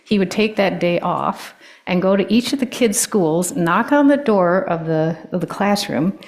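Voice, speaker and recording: A woman's voice: on the low side, lively intonation, a little slow. Woman telling stories with many ums. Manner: warm storytelling, with frequent ums and restarts. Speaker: guest speaker. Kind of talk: personal talk to a congregation.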